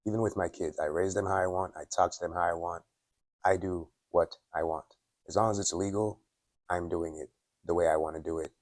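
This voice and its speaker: Very deep, flat-voiced man giving blunt life advice. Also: no room sound, studio quality. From Dominica. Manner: candid, opinionated, filler-heavy with frequent "like"; clears his throat often. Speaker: self-improvement vlogger. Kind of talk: casual motivational monologue. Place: at his workplace.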